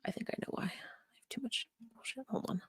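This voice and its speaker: A woman's voice: brisk, dry recording, in a whisper, studio quality. A young adult woman streaming from her computer, chatting casually, rambling, swearing and muttering to herself as she searches. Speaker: streamer reviewing a live stream. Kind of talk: casual livestream chat. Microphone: desk microphone.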